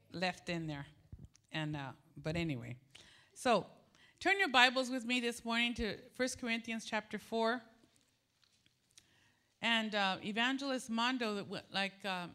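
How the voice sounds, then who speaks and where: A middle-aged woman pastor telling a personal story to her congregation in a casual, animated sermon, laughing as she goes. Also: medium pitch. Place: church sanctuary.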